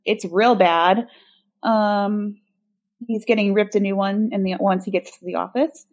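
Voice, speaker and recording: A woman's voice: medium pitch, steady tone, moderate pace, darkish tone. Chatty sarcastic woman recapping a film. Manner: chatty, sarcastic, many ums. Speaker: podcast co-host recapping a film. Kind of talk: casual chat.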